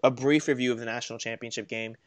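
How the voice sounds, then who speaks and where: A young man co-hosting a casual sports podcast, telling stories in an animated, self-mocking way. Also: medium pitch, quick pace. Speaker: podcast co-host.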